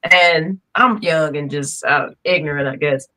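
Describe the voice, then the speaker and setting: Bright-voiced woman telling lively stories. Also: deep voice, unhurried, rough recording. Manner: animated storyteller, laughs through her stories. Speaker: podcast guest, singer. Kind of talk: casual chat.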